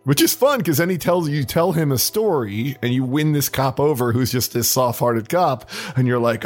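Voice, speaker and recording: A man's voice: medium pitch, moderate pace. A man co-hosting a casual podcast chat, retelling game scenes and acting out the characters' lines. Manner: animated, acts out characters' lines while retelling. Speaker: podcast co-host.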